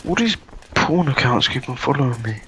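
A man's voice: mid-range voice, lively intonation, fairly quick, a bit bright, soft background music. A man joking around casually in a voice chat, humming and singing random bits between remarks. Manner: jokey, hums and sings random bits. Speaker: friend in voice chat.

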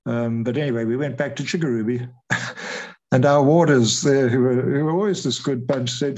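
An older man tells his story in an interview, with a voice of ordinary middle pitch. He retells events with energy and slips into the voices of the people he quotes. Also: fairly even intonation, moderate pace, a little mellow, dull audio. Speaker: retired air force officer, guest.

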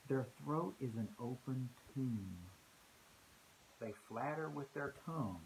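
Earnest preacher guy in church, mid pitch voice, stumbles and repeats words a lot, faint hiss behind. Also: animated, takes it slowly, gravelly, rough recording. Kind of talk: conversational sermon.

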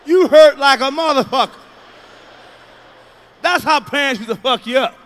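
A man doing a loud, profane stand-up comedy routine, telling stories with sudden shouts. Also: extremely high pitch, moderate pace.

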